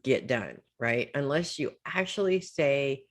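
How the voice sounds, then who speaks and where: A woman's voice: rumbling low, expressive, a little slow. Chatty woman giving a psychic reading. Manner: chatty, reassuring, checks in with "okay?" and "right?"; loose and informal, trails off with "blah, blah". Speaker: psychic reader. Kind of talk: weekly psychic reading, casual advice.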